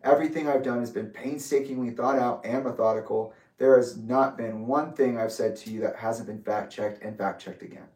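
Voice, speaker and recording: Man, mid-pitched, reads out his own letter slowly and deliberately; distant mic in a reverberant room. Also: fairly even intonation, a little mellow. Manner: measured, deliberate and methodical. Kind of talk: reading his own letter aloud with asides. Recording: roomy echo, distant from mic.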